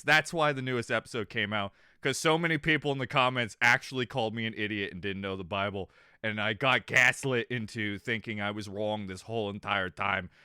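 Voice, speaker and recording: A male streamer rambles through a casual livestream, animated and quick to laugh, dropping swear words as he goes. His voice is bright and clear, and it swings widely in pitch. The sound is close and dry. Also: no echo.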